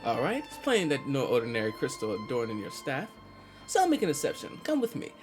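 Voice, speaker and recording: A shrewd crystal merchant in a video game scene, sly and guarded. The pitch moves widely, and soft music sits in the background. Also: wildly swooping pitch, a little fast. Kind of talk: video game cutscene dialogue.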